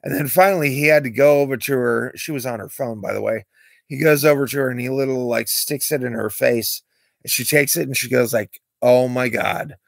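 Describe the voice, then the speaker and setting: A man's voice: medium pitch, fairly quick, gravelly, no room sound. A man rambling through candid stories in a late-night livestream monologue, close to his desk mic. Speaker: streamer.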